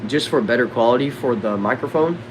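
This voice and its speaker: A young man with a Southern accent from Texas, casually answering chat questions on a livestream in a relaxed, drawling way. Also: mid-range voice, brisk, noisy background. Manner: laid-back, drawling, says bro and dude a lot. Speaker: livestream host reading chat. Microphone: desk microphone.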